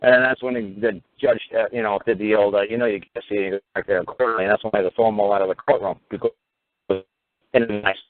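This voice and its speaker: The fairly low-pitched, fast-talking radio host delivers a casual, swear-filled monologue about court cases, animatedly performing each side of the exchanges. There's no echo, but the audio has a tinny phone-line quality.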